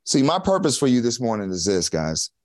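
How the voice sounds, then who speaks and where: A man's voice: mid-range voice, very animated, brisk, darkish tone, no echo. A man preaching a conversational sermon in a casual, folksy way, with slang and chuckles.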